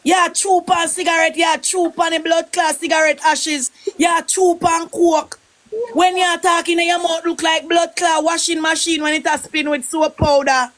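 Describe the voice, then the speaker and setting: A woman's voice: very high-pitched, flat delivery, a little slow, a bit bright. A Jamaican woman ranting in patois, scolding someone over and over. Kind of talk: heated gossip chat in patois.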